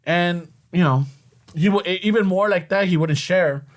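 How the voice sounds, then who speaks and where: Man, high voice, profane, casual podcast chat. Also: normal speed. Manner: profane, mixes Spanish into English.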